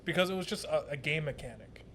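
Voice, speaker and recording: A man's voice: fairly high pitch, expressive, quick pace, a bit bright, slight background noise. A young man co-hosting a casual podcast, explaining things at length with frequent fillers and restarts. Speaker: podcast co-host. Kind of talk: casual chat.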